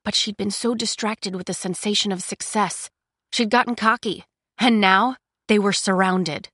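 An audiobook narrator, a woman, reads a chapter aloud in a measured, expressive storytelling voice. Her pitch sits in the middle, and the scripted narration comes through clean studio sound with no room echo.

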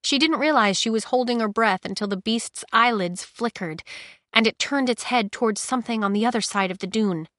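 A woman's voice: fairly high pitch, fairly quick, a bit bright, dry recording. Woman narrating an audiobook, dry and close. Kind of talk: scripted narration.

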